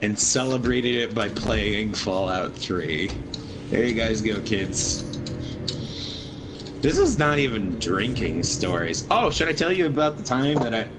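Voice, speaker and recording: A man's voice: on the low side, animated, a little slow, music in the background, poor audio. A man in his twenties, a gaming streamer, telling a rambling, profane story over his gameplay.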